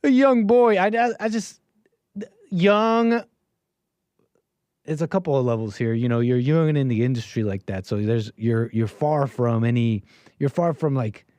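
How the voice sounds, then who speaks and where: A man taking calls on his livestream reacts to clips at a measured pace, his mid-range voice a little mellow. He rambles casually, uses lots of fillers, and has a sarcastic, dismissive tone, with no room sound.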